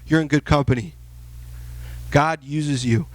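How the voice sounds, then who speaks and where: Animated youth pastor, dry close sound. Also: male voice, a little high, a little slow, no echo. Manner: conversational, animated, acts out quotes. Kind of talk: sermon.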